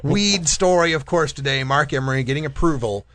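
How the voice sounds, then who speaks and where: A man's voice: fairly high pitch, a little fast, a bit bright, no room sound. A man hosting a casual cannabis talk radio show, rambling and jokey, laughing often. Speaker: podcast host.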